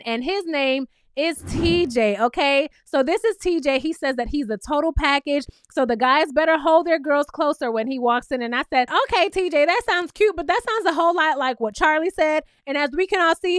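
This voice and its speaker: High-voiced sassy woman recapping a show. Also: no room sound, studio quality. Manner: animated, laughing, sassy asides. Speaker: reality show recap vlogger. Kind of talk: casual recap commentary.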